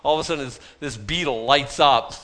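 A man's voice: medium pitch, fairly quick, bright, forceful tone. A man preaching a sermon in a folksy, self-deprecating way, full of rhetorical questions.

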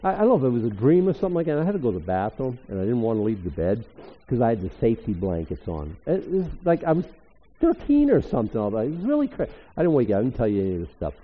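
An older man preaching a sermon as pastor, emphatic and animated, rising suddenly to loud exclamations. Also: medium pitch, fast, breathy edge. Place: church hall. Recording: echoey hall, tinny phone-like sound.

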